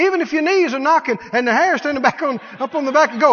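High-voiced preacher in a big hall. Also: male voice, quick pace, few pauses. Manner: animated, mocking voices, laughing at the devil. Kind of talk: sermon. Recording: dull sound with long hall reverb.

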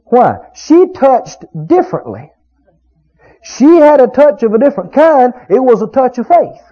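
With a warm, sing-song high voice and a measured pace, this male preacher lets his pitch swing widely to hammer each point. His emphatic sermon cadence is full of rhetorical questions aimed at the congregation, and the recording sounds dull and lo-fi.

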